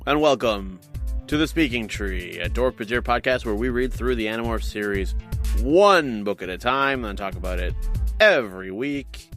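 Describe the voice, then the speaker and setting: A young man hosting a casual podcast, reading listener mail aloud with quick jokey banter. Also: mid-range voice, animated, fairly bright tone, faint music behind. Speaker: podcast host.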